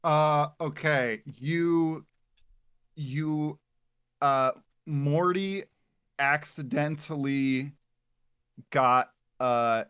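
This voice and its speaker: A man's voice: mid-range voice, a bit bright, smooth, dry recording, studio quality. A man joining a livestream as a longtime collaborator, speaking hesitantly with many fillers and earnest thanks. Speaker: longtime collaborator and guest on the stream. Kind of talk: casual livestream chat.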